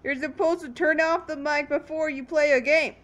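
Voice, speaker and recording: A woman's voice: sits high, steady tone, normal speed, fairly bright tone. A young woman complaining and snapping back at her sister during a casual gaming session. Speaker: co-host, sister. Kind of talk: casual gameplay chat.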